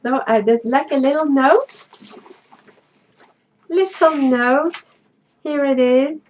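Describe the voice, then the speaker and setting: High-voiced, gushing woman vlogger. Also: takes it slowly, lo-fi sound, slight background noise. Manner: gushing, emotional, laughs often. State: tearful, choked up. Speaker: crafting channel host. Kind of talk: casual unboxing vlog.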